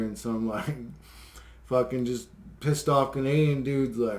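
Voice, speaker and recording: A man's voice: medium pitch, normal speed, darkish tone. A man vlogging a rambling, profane conspiracy rant to his viewers, swearing constantly and chuckling between points.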